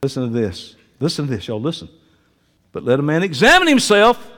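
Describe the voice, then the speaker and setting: A male pastor delivers a folksy, joking sermon, dropping to soft asides and then climbing into loud preaching. His voice sits high and moves around a great deal. The sound carries a long reverb from the church hall. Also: huge pitch swings, brisk. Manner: folksy, joking, uses y'all and ain't. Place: church sanctuary.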